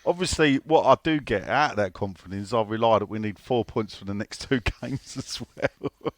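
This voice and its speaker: A man's voice: lowish voice, moderate pace, no room sound. A man co-hosting a casual football podcast, swearing freely and reading out listener questions. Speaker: podcast co-host.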